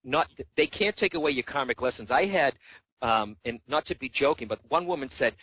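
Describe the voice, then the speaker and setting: A man's voice: mid-range voice, lively intonation, a little fast, slightly rough, dry recording, lo-fi sound. A man giving a psychic reading on a radio show, talking in an earnest, reassuring way and often calling the caller by name. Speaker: psychic medium guest.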